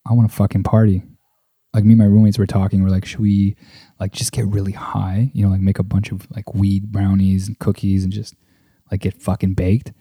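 A young man rambles through a solo podcast in a low, dark, mellow voice that stays fairly flat. He swears freely and leans on "like" and "you know", speaking close to a desk microphone in a dry, tight-sounding room. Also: dry recording. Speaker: podcast host. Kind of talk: casual solo podcast monologue. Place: at a table indoors. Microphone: desk microphone close to the mouth.

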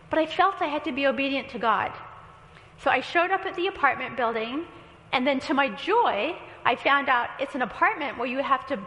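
A woman's voice: sits high, bright, forceful tone. A woman pastor preaching a sermon, telling a story with quoted dialogue and light humor. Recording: echoey hall with long reverb.

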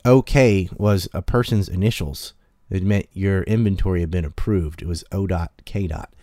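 Casting: deep-voiced man, blunt and profane, casual podcast talk. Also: moderate pace, dry recording, clean studio sound. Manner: blunt, profane, animated storytelling. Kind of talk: casual opinionated chat.

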